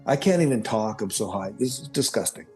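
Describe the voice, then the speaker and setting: A man's voice: fairly low pitch, a little fast, soft background music. Rambling middle-aged man telling his story. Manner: rambling, animated, with self-corrections. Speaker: podcast guest. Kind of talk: personal storytelling.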